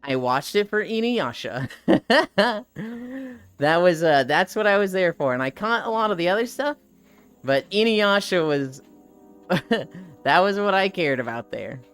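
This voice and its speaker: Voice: mid-range voice, very animated, measured pace, fairly bright tone, clear, resonant tone, soft background music. A streamer chatting casually and rambling with live viewers, laughing often and swearing freely. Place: outdoors walking.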